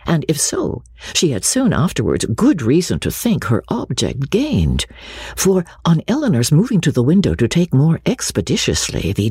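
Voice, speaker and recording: Raspy-voiced woman narrating a classic novel. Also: extremely low pitch, dry recording, clean studio sound. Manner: expressive, measured storytelling. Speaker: audiobook narrator.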